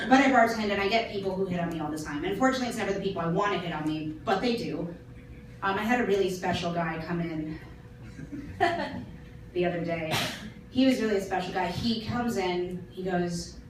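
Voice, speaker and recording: A young woman in her twenties performing a live stand-up set on a small theater stage, self-deprecating and wry with drawn-out pauses. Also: lowish voice. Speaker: stand-up comedian. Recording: echoey theater from far off with loud ambient noise. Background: audience laughter.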